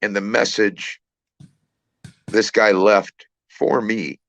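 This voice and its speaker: A man telling a personal story in a casual, halting way, repeating words and using many fillers. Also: on the low side, little pitch movement, fairly bright tone, dry recording. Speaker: trucker channel host.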